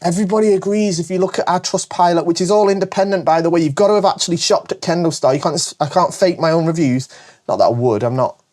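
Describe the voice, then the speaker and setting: A man with a northern English accent hosts a casual question-and-answer video. He talks fast and eagerly and keeps correcting himself, and his voice sits a little high for a man. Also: darkish tone. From Britain. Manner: fast, chatty and enthusiastic, with frequent self-corrections. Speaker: host.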